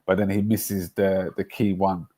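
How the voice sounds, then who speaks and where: A man's voice: sits low, little pitch movement, warm tone. Rambling man hosting a stream. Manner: chatty, rambling, quick to laugh. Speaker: livestream host. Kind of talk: casual football chat.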